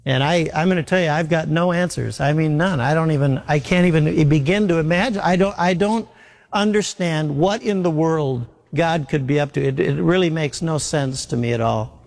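A man's voice: a little high, normal speed, creaky, darkish tone, big-room sound. A man preaching a sermon in an earnest way, repeating his key phrases for emphasis.

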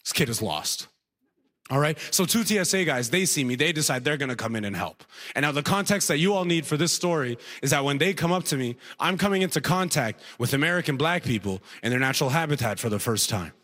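A man performing stand-up comedy with a lively, swooping delivery. His voice sits a little high for a man, and he laughs often at his own jokes. He keeps slipping into different voices as he tells the story. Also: fast talker.

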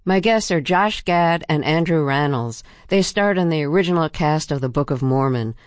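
Dry, measured woman radio host. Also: low voice, animated, dry recording. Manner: measured, direct questions and scripted sign-offs. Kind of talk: radio interview.

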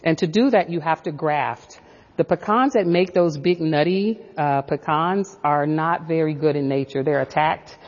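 Reflective female professor with a low voice, in a dull room with a long echo. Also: normal speed. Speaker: professor and author. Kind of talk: radio interview.

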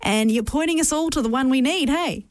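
A woman's voice: high-pitched, a little fast, no room sound. A woman, a radio co-host who teases the guests and laughs. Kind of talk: live radio interview.

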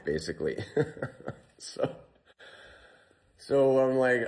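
Deep-voiced man recounting an ordeal. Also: measured pace, gravelly, pauses often. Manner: animated retelling, quotes himself and others. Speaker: guest telling a survival story. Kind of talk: casual storytelling interview.

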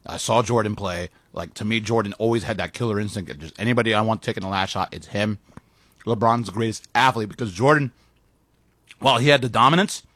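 A man from Chicago in a casual sports talk, speaking in a quick, chatty way while eating. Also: lowish voice, a bit bright, no room sound.

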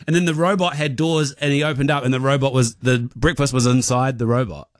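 A young New man hosting a radio show, chatting and spinning stories with dry self-mocking humour. His voice sits at an ordinary pitch and sounds close and dry. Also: fairly even intonation, a little fast, no room sound. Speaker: radio host. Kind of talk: casual radio banter.

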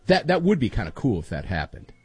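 A male radio host in casual talk, halting and often repeating his words. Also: mid-range voice, huge pitch swings, darkish tone, husky, soft background music. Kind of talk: casual political talk show chat.

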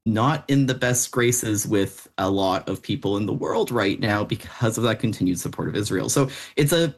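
A man speaking as a panelist, giving a measured, considered view. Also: medium pitch. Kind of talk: panel discussion.

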